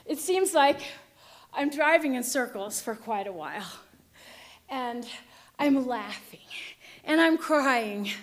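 A woman with a high, light voice tells a personal story with vivid drama. She moves from hushed tension to loud outbursts as she relives it. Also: expressive, slow, long pauses. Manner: vivid, dramatic retelling, shifting between hushed and shouting.

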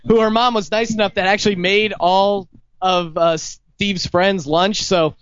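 A man's voice: sits high, fairly even intonation, unhurried, fairly bright tone, smooth, no room sound, dull audio. A man in his thirties hosting a casual pub chat with friends, telling self-mocking stories. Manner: jokey, self-mocking storyteller. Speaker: podcast host.

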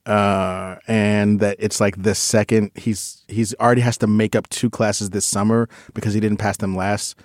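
With a lowish voice and flat delivery, this podcast co-host speaks at a moderate pace with few pauses, chatting casually in a rambling, self-correcting way. The recording is dry and clean, like a studio.

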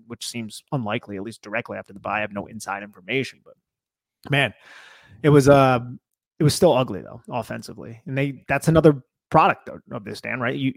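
A man co-hosting a casual sports podcast, animated and conversational with a loose, filler-heavy delivery. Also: medium pitch, creaky, no room sound, clean studio sound. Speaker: podcast co-host.

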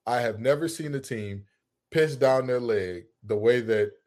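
A man co-hosting a sports podcast in loose, casual chat. He talks in an animated, jokey way and trash-talks freely. His voice sits in a middle pitch. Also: measured pace. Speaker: podcast co-host.

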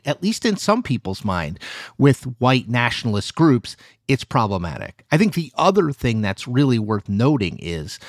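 Dry, animated male journalist. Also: medium pitch, dry recording. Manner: animated, emphatic, hedges with "you know". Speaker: journalist guest. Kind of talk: conversational explanation.

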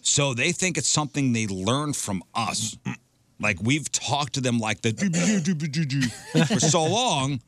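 A man's voice: mid-range voice, animated, unhurried, a bit bright, no echo. A man hosting a radio show, casually reading out odd news items and riffing on them with his co-hosts. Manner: chatty, reads stories then riffs.

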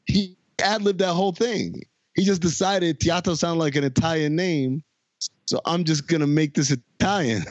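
A man's voice: medium pitch, dry recording, lo-fi sound. A man hosting a casual podcast chat, retelling a TV episode with jokes and laughter. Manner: animated, laughing, jokey storytelling. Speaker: podcast host.

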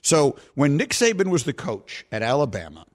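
A man's voice: medium pitch, wildly swooping pitch, moderate pace. A middle-aged man hosting a sports radio show, teasing his co-host and then musing at length in a reflective way into a studio microphone.

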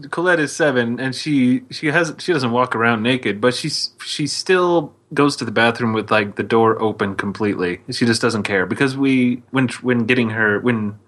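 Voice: mid-range voice, fairly bright tone. A co-host on a parenting podcast, speaking casually and correcting themself often. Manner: halting, self-correcting. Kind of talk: casual chat.

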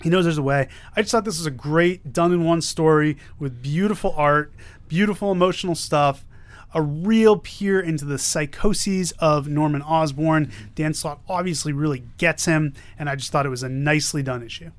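A man co-hosts a casual chat and retells a story with animated energy. His voice sits a touch higher than most men's. He chuckles now and then as he talks. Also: normal speed. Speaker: podcast co-host. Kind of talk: casual chat reviewing comics.

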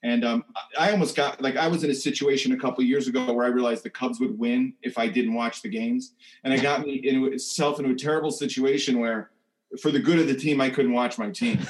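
A man's voice: medium pitch, steady tone, fairly quick, rough recording. A man as a guest author on a podcast, rambling and restarting his sentences. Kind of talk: casual interview chat.

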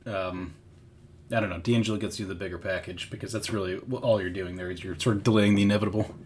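A man's voice: low-pitched, fairly even intonation, fast talker, a little hiss or hum. A man co-hosting a basketball podcast, chatting casually in a jokey, meandering way. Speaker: podcast co-host. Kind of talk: casual sports chat.

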